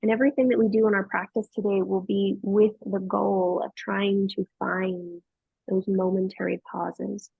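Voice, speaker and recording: Gravelly, husky-voiced woman guiding yoga. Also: mid-range voice, flat delivery, dry recording, phone-quality sound. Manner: slow, soothing cues paced to the breath. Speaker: yoga teacher. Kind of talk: guided yoga class instruction.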